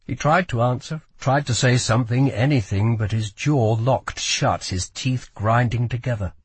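A man narrating a fantasy audiobook with slow, expressive storytelling. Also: mid-range voice, slightly rough, no room sound. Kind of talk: scripted narration.

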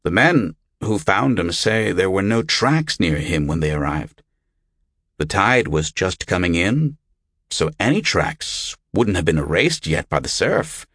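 A man's voice: low-pitched, lively intonation, a little slow, a bit bright, slightly rough, dry recording, studio quality, heavily acted. A man voicing a concerned monk healer who asks earnest questions in a storybook reading.

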